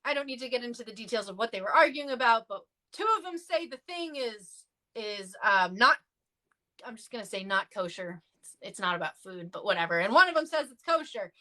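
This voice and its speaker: Her voice expressive, pushed and bright, a woman talks a little fast as a clergy guest in a livestream discussion. She tells chatty, filler-heavy stories and leaps in pitch whenever she acts out someone she is quoting.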